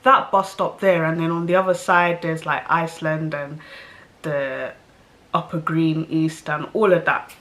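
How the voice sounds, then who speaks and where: A woman's voice: deep voice, fairly even intonation, measured pace, a bit bright. Chatty woman with stuffy nose. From South London. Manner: chatty, rambling with fillers and self-aware asides. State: stuffy nose from hay fever. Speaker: vlogger. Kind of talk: casual storytelling to camera.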